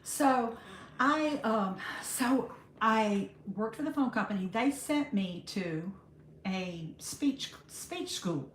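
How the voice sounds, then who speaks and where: A woman, hosting a casual livestream, chatting warmly with viewers and calling them honey. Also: fairly high pitch, animated, takes it slowly, slight background noise. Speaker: livestream host. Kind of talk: casual live chat greeting viewers. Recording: roomy echo.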